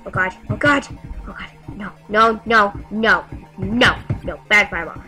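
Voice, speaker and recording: Excitable bright-voiced female gamer. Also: medium pitch, unhurried, soft background music, rough recording. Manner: excitable, talks to the game, frequent yelps and exclamations. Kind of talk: casual gameplay commentary.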